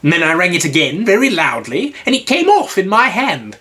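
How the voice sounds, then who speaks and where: A man putting on a fussy, high-voiced old owl. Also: very animated, a little fast, sharp tone, heavily acted. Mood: chatty. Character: fussy, self-important old male owl.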